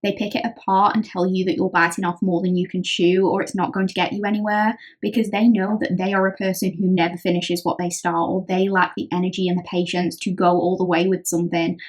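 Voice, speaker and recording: A woman's voice: fairly low pitch, level tone, a little fast, few pauses. Chatty British woman reading tarot. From Britain. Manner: chatty, conversational, often acting out what others say. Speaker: tarot reader. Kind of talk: pick-a-card tarot reading.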